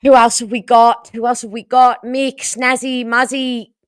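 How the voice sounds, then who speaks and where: An Australian woman hosting a casual livestream, hoarse from losing her voice and chatting with viewers about the game. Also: a little high, measured pace, no echo, clean studio sound. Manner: chatty and animated, reading out viewer comments. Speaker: livestream host.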